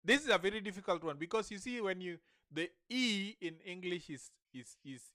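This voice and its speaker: A man with a smooth, clear voice, a touch higher than most, teaches pronunciation at a very slow pace. He breaks words into syllables and repeats them patiently, recorded close and dry in a small quiet room. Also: expressive, dry recording. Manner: patient, repeats syllables slowly and encourages the learner. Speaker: language teacher.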